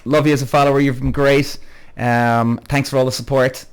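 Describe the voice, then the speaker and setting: A man's voice: medium pitch, little pitch movement, moderate pace, clean tone. Heated, rambling man hosting a live Q&A. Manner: rambling, heated, swears freely; chatty, addresses viewers by name. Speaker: podcast host. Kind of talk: live-stream Q&A, reading out comments.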